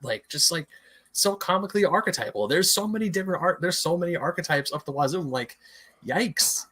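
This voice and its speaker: A man's voice: fairly high pitch, animated, quick pace, bright, forceful tone, breathy edge. A man co-hosting a podcast, telling an anecdote in casual film chat. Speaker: podcast co-host.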